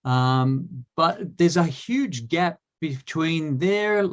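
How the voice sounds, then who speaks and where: A man's voice: a little high, lively intonation, very slow. Hesitant Australian man. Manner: hesitant, many fillers and restarts. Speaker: guest, cleaning industry expert. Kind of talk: casual online chat.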